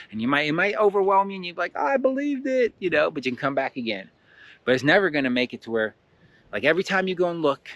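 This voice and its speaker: A man's voice: fairly bright tone, no echo. Rambling man teaching energy work. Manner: rambling, many "you know" and "like" fillers, acts out inner voices in a raised pitch. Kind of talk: casual motivational talk.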